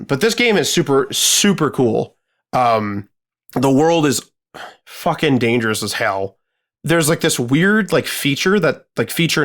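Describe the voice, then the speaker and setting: This male podcast co-host swears freely and rambles with plenty of fillers while telling a gaming story in casual conversation. He has a mid-range voice with a slightly bright tone.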